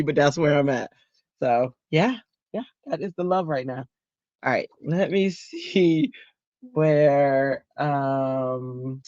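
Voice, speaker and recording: A woman hosting a craft livestream, chatting casually with her viewers in an excitable, giddy way that often tips into squeals. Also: low voice, slow pace, pauses often, dry recording, muffled recording. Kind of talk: casual live chat to viewers.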